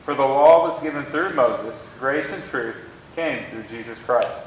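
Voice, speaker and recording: A man in the class reads a scripture passage aloud, steady and even. He is far from the mic, and the room rings with heavy echo. A faint rumble sits underneath. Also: unhurried. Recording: distant voice in a very echoey room.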